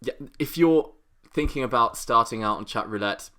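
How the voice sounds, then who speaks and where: A young man from Britain co-hosts a comedy podcast, telling anecdotes in a loose, rambling way. His voice is bright and forward, and his pitch sits in the middle of the male range. He often pokes fun at himself. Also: normal speed. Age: young adult. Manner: rambling, self-mocking storyteller. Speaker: podcast co-host. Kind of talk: casual comedic chat.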